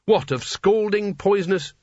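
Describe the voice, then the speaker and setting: A man's voice: sits high, moderate pace, mellow, no room sound, voice pushed up, natural voice. A man voicing a nervous, cowardly male wizard with a plaintive tone in an audiobook. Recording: dull dry audiobook recording.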